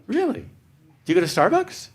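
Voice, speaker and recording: In a very noisy live club recording full of audience laughter, a stand-up comic from San Francisco, USA ribs the crowd in a camp style, frequently restarting his sentences. He speaks a little fast in a high voice that swings hugely in pitch.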